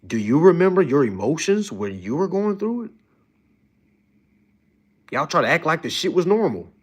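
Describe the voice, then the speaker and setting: Man, animated rant, AAVE, lively swooping pitch, fairly high voice. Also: normal speed. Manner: animated, addresses viewers as y'all, mocking high-pitched impressions. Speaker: livestream host. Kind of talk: casual ranting livestream monologue.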